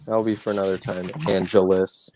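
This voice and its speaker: A man's voice: low voice, level tone, moderate pace, darkish tone, slight background noise, low-quality recording. A man co-hosting a live-streamed talk show, bantering and defending himself against his friends. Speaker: co-host. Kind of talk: casual chat on a live stream. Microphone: remote call mic.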